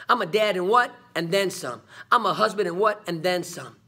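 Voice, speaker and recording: Vlog host, man, high husky voice, preachy motivational delivery, peppers lines with "man". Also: moderate pace, sharp tone. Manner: preachy, repeats "man" and "come on"; call-and-response questions. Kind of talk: motivational talk to camera.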